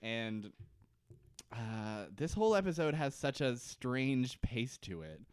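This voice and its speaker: A man's voice: mid-range voice, big pitch swings, smooth, dry recording, clean studio sound. A man co-hosting a podcast, recapping a TV episode in casual, rambling chat with frequent laughs. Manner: rambling, laughing, quick to joke. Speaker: podcast co-host.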